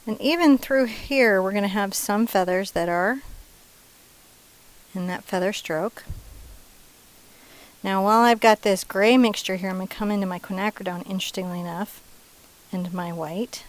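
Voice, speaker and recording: Woman, painting teacher, playful chatty delivery, soft asides, mid-pitched voice. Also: normal speed, pauses often, poor audio. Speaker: painting instructor. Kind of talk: casual step-by-step painting lesson.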